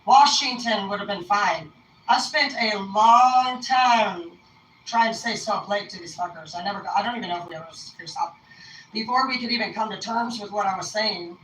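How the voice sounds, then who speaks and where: A young woman rambles through profane personal stories in a casual, laid-back way. Her voice has a medium pitch, a fairly quick pace and a fairly bright tone. The recording has roomy echo from a distant mic, with faint noise.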